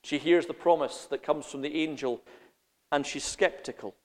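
A man preaching a sermon, animated, swinging between loud emphasis and quiet intensity, laughing as he goes. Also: on the high side, moderate pace, long reverb tail.

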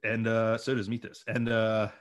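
Brief: male co-host, lower voice, wisecracking, loose recap. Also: completely flat delivery, normal speed. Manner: joking, crude asides, trailing fillers. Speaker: podcast co-host. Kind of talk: casual chat recapping a TV episode.

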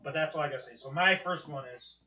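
An excitable young man co-hosts a casual podcast. He rambles and swears, with a bright, forceful voice pitched a little high. The recording is roomy and muffled. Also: fast talker. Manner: rambling, excitable, swears a lot, lots of fillers and restarts. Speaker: podcast co-host. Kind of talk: casual chat.

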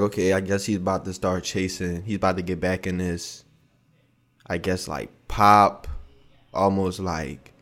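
Young male co-host, low-ish voice, relaxed slangy banter. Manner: laid-back slangy banter, frequent fillers. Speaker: podcast co-host. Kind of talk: casual podcast chat.

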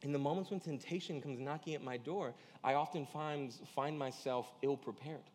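A man's voice: on the high side, moderate pace, darkish tone. A man preaching a sermon as pastor, in a casual slangy way, often acting out quoted dialogue. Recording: church hall reverb.

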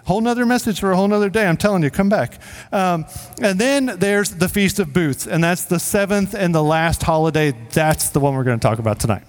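A man preaching a sermon as pastor, in a casual, joking way with quick asides to the congregation. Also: sits high. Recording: long reverb of a hall.

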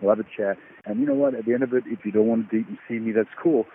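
A man's voice: lowish voice, steady tone, very fast. An Australian man calling in to tell a personal story in a rambling way, full of fillers. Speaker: caller. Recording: tinny phone line, faint noise.

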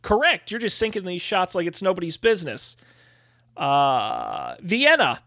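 A man's voice: high voice, huge pitch swings, unhurried, bright, forceful tone, dry recording. A man running a tabletop game as game master, chatty and full of "uh" fillers.

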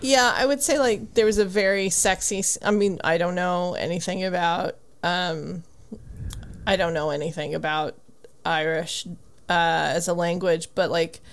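A woman's voice: lowish voice, fairly even intonation, a little slow. A woman co-hosting a book podcast, chatting casually and eagerly retelling scenes from a book. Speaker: podcast co-host.

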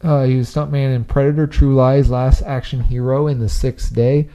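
A man hosts a loose, chatty podcast from a home basement, with a mellow, warm tone. He rambles along excitedly and breaks into laughter now and then. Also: mid-range voice, normal speed. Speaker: podcast host. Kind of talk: casual podcast chat. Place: parents' basement.

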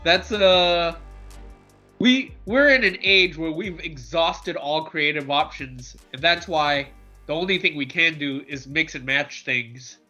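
A man co-hosting a comics podcast riffs in a loose, joking way, doubling words as he gets going. His voice is bright and a bit high. The audio is dull and lo-fi, with faint music underneath. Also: slow pace. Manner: joking, animated, repeats words when starting. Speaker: podcast co-host. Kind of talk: casual chat.

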